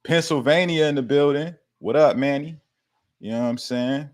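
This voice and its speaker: This man's voice is fairly high and a little mellow, at a normal speed. He's a fitness coach running a live Q&A stream, full of easygoing slang, frequent laughter, and casual cursing.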